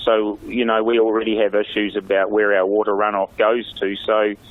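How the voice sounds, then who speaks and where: A middle-aged man, a mayor speaking in a radio interview over the phone, halting with many fillers and restarts. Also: lowish voice, little pitch movement, no room sound. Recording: tinny phone line.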